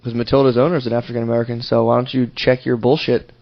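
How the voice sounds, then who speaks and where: A man at a middling pitch co-hosts a loose podcast, trading jokes with a deadpan, mock-offended edge. The recording is dull and lo-fi, with the highs rolled off. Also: rapid-fire, vocal fry, no echo. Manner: deadpan, mock-indignant teasing. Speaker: podcast co-host. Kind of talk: casual comedic banter.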